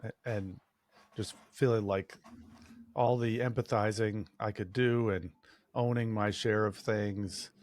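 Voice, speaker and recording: A man speaking as a relationship coach on a podcast, in a measured and thoughtful way. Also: on the low side, no room sound. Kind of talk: casual podcast chat.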